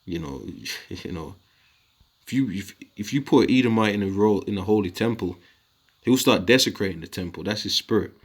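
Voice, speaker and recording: Combative man with a low voice. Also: fairly quick. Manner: rambling and combative, with loose slang asides. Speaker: video teacher. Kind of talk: informal scripture lesson.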